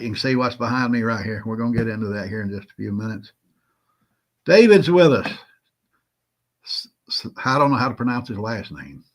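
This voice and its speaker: A man with a Southern drawl hosts a relaxed livestream. He calls out viewers by name in a folksy, chatty way, and his voice sits at an everyday middle pitch. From Southern United States. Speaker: host of a prepping livestream. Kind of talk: casual livestream chat.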